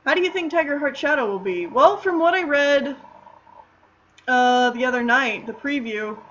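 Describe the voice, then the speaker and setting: A woman's voice: sits high, expressive, normal speed, fairly bright tone, muffled recording, slight background noise. A woman streamer chatting casually while drawing, answering questions in a rambling way with lots of fillers.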